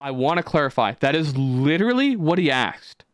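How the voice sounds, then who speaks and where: Young male podcast host, animated and profane, dry close mic. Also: on the high side, normal speed, no room sound. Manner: animated, swearing, rambling storytelling. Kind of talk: casual podcast chat.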